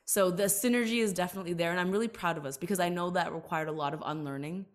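Guesting on a podcast interview, this entertainer and author in her thirties talks in a fairly low voice with fairly even intonation. She comes across as earnest and reflective and is quick to emphasize her points.

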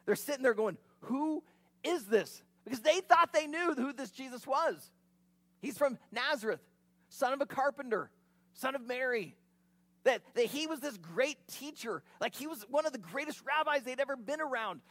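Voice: high-pitched, animated, moderate pace, fairly bright tone, no echo. A preacher giving an expository sermon, retelling the scene in a vivid, conversational way with casual asides.

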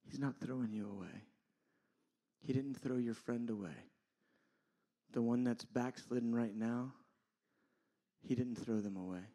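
A man pastor preaching a sermon, moving from loud, impassioned appeals to quiet, intimate asides. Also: medium pitch, a little slow, long pauses.

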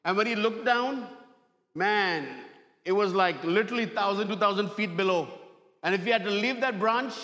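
A man preaching a sermon in a raised, high voice. He repeats his points and acts out little stories with dramatic turns. The sound rings with a long reverb from the hall. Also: a bit bright. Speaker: pastor.

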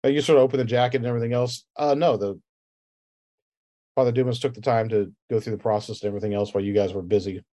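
A man's voice: mid-range voice, fairly even intonation, quick pace, mellow. A man narrating a tabletop game as game master, rambling casually with fillers like "and everything else.".

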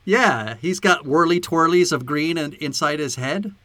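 A man's voice: fairly high pitch, unhurried, pushed and bright, no room sound. A man co-hosting a podcast, chatting casually and profanely about a movie, laughing often. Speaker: podcast co-host.

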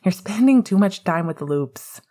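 A woman voicing a cheerful, teasing young father in a storybook reading, speaking brightly and upbeat. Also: lowish voice, expressive, moderate pace.

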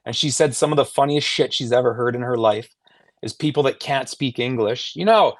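A man's voice: mid-range voice, fairly quick, no echo. Canadian male guest, easygoing storyteller, dry sound. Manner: storytelling, laid-back, swears casually. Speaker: podcast guest. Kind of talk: casual chat.

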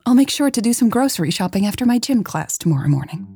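A woman's voice: mid-range voice, very animated, fast talker, warm tone, slightly rough, no echo, studio quality, soft background music, pitched above the performer's own voice. A woman voicing a cheerful, outspoken elderly grandmother who talks in a chirpy, blunt way.

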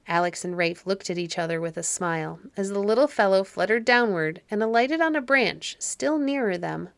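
A woman narrating a children's fairy story audiobook in a calm, measured way. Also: mid-range voice, gravelly, no echo.

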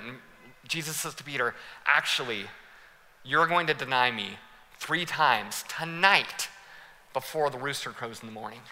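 A young man preaching a sermon as pastor, telling stories in a lively way, laughing and acting out the scenes. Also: mid-range voice, normal speed. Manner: animated, laughing storyteller who acts out scenes. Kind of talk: sermon with personal storytelling. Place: church hall. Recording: long hall reverb.

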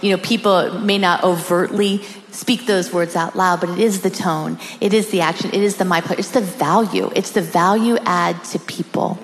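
Female co-host, fairly low voice, sincere and affirming, in a reverberant room. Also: steady tone, normal speed, few pauses. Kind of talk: conversational podcast hosting.

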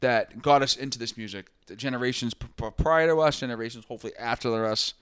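A man's voice: medium pitch, fast talker, fairly bright tone, clean tone, no echo. Profane rambling podcast co-host man. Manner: profane, rambling storytelling with quoted voices. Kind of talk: casual chat.

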